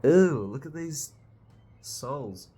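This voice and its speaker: A young man reading a manga aloud and reacting, excitable, swearing often and bursting into loud exclamations. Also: medium pitch, extremely slow, husky. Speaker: manga reviewer.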